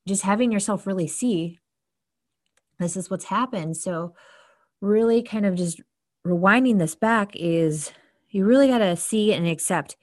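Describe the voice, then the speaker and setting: Woman, lowish voice, casual motivational chat, earnest, chatty, acts out inner voices. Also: normal speed. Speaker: podcast host giving self-help advice.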